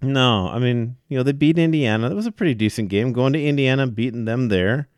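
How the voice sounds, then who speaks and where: A podcast co-host on a casual sports show recounts events animatedly and briskly, using lots of fillers. His voice is medium in pitch, and the recording is dry and studio quality.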